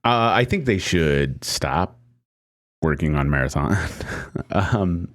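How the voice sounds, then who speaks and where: A man co-hosting a casual podcast discussion, talking in a hesitant, measured way with frequent fillers and restarts. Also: sits low, expressive, a bit bright. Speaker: podcast co-host.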